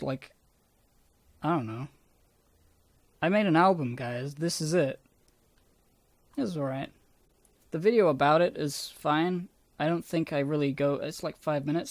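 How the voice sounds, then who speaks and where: A man casually rambling about his own old videos, self-deprecating and swearing often, with a somewhat squeaky voice. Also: darkish tone, no echo.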